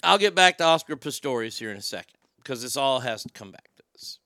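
A man's voice: medium pitch, lively intonation, quick pace, bright, forceful tone, dry recording, clean studio sound. A man hosting a talk show, ranting bluntly and profanely, with frequent stammered restarts. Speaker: show host. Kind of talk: opinionated talk show rant.

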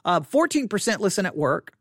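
Animated podcaster with a lively voice. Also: mid-range voice, fairly quick, no echo, clean studio sound. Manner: animated, incredulous asides, frequent restarts. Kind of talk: solo podcast commentary on listener statistics. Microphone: studio microphone up close.

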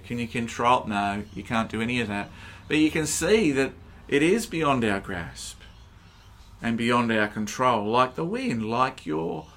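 A man preaching a sermon, slow and emphatic, pushing hard on key words. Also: medium pitch, a bit bright.

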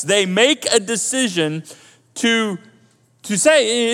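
Animated man preaching in a hall. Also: very high-pitched, slow pace. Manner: animated, conversational preaching with repetitions. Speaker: pastor. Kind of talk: sermon. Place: church auditorium. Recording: echoey hall.

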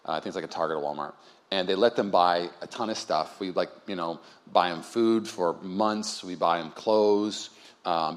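A male pastor giving a sermon in a loose, conversational way, telling stories with quiet asides and rising to loud, emphatic points. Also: deep voice. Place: church sanctuary.

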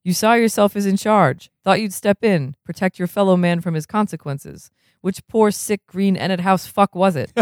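A reader voicing a blunt, gruff older male recovery sponsor in a crooner-style voice, in an audiobook-style reading. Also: medium pitch, moderate pace, no echo, studio quality, close to an everyday voice. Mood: scolding.

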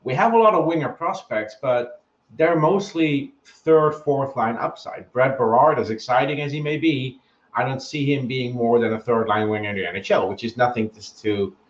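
A man's voice: medium pitch, moderate pace. A man talks through sports analysis, reasoning point by point and repeating himself as he thinks. His voice comes through muffled and lo-fi, with a noticeable room echo. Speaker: podcast co-host. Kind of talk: casual sports podcast analysis.

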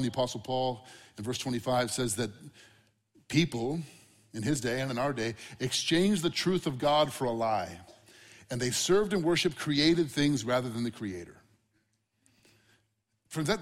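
A man preaching a sermon to a congregation, conversational and animated with asides and questions to the room. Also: medium pitch, in a large hall. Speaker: pastor.

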